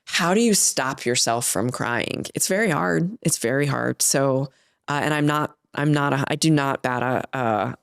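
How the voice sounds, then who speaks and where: A woman's voice: rumbling low, unhurried, creaky, no echo, studio quality. A woman guest in an interview, speaking candidly and telling personal stories with feeling. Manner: candid, tearful at times, animated storytelling. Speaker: guest, health company founder. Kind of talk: emotional interview conversation.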